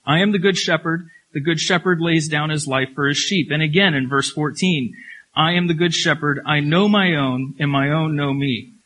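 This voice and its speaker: A man preaching a sermon. He talks emphatically, repeats key phrases, asks rhetorical questions and slows down when he reads scripture. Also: a little high, fairly bright tone, rough recording. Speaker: pastor.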